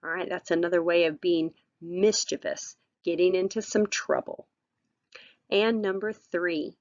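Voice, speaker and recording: A woman's voice: fairly low pitch, gravelly, no echo, dull audio. A woman teacher giving a recorded vocabulary lesson, patient and encouraging, with frequent ums and all-rights.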